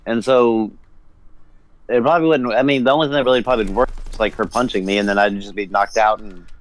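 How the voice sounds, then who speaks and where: A man's voice: on the low side, steady tone, quick pace, low-quality recording. A married man with a kid, co-hosting a podcast in laid-back casual chat, laughing often. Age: adult parent. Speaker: podcast co-host.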